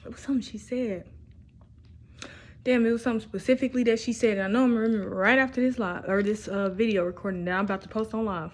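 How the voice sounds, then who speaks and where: Talking at a quick pace in a slightly high voice, a young woman rambles and swears through a casual monologue recorded for a video she's posting as a vlogger.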